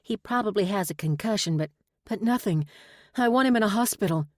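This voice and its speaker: A woman's voice: medium pitch, animated, fairly quick, no echo, clean studio sound, voice pushed up, lightly acted. A woman voicing a worried young woman who coaxes and insists, in an audiobook. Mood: urgent. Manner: coaxing, urgent.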